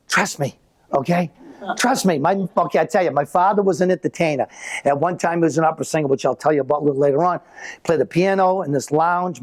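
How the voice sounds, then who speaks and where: A man in his sixties doing live stand-up, rambling through stories and checking in with the audience. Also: a little high. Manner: rambling, repeats himself, asks the audience. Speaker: stand-up comedian.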